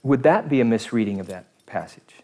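A man's voice: medium pitch, lively intonation, brisk, darkish tone. A man giving a casual, conversational sermon as a pastor, rambling with self-deprecating asides.

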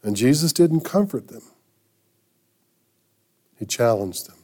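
Mellow-voiced male pastor telling a story. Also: mid-range voice, expressive. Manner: conversational, halting with restarts. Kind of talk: sermon with storytelling.

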